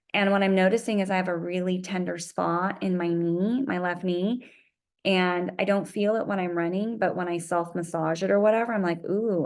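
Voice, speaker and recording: A woman talking casually to camera in a running vlog, chatty and animated, filling her stories with "like" and "um". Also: fairly low pitch, creaky. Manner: chatty, animated storytelling with many fillers. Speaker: running vlogger.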